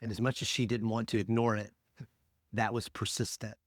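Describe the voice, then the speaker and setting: A male pastor preaching a sermon in a conversational, emphatic way, swinging between loud peaks and hushed, quiet drops. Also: on the low side, flat delivery, normal speed, no room sound, studio quality.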